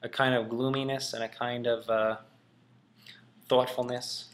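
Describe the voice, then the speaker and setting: A man's voice: mid-range voice, little pitch movement, unhurried. A man teaching in a casual, musing way, thinking aloud with frequent ums. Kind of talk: casual classroom explanation.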